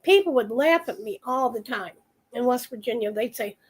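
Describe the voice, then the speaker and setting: A woman's voice: a little high, animated, moderate pace, breathy edge. An older woman from Rochester, New York, with a Western New York accent, telling stories in casual chat and laughing often. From Rochester, New York, USA.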